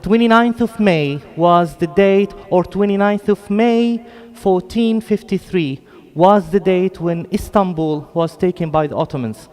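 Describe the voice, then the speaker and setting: A man's voice: sits high, unhurried, hardly any pauses, a little mellow, faint music behind. A man from Jerusalem with a British-tinged English accent, giving an earnest, chatty lecture to a mosque audience with apologetic asides. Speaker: guest lecturer. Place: large hall at an Islamic center. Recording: long echo of a big hall.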